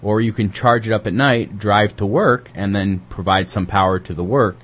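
A man's voice: fairly low pitch, steady tone, normal speed, highs cut off. A man co-hosting a community radio show, chatting casually and reading news, rambling with lots of hesitant fillers.

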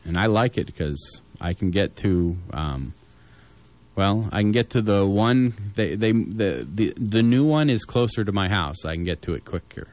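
A man's voice: fairly low pitch, animated, measured pace, darkish tone. A man from southern Illinois co-hosting community radio news, casual and joking, with rambling asides between listings. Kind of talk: casual on-air chat and listings.

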